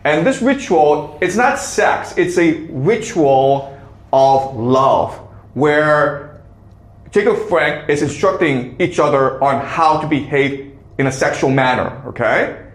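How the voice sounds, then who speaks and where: Lecturer, male, higher voice, keeps asking "okay?", recorded in a reverberant room. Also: expressive, slow. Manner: checks in with frequent "okay?". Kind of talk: classroom lecture. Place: classroom. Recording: echoey classroom.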